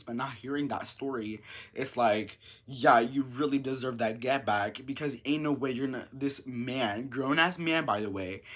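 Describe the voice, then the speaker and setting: A man's voice: mid-range voice, a bit bright. A man vlogging casually, reading out a reader's story and reacting to it in a chatty way with many "like" fillers. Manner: chatty, full of "like" fillers, reacts and reads stories aloud.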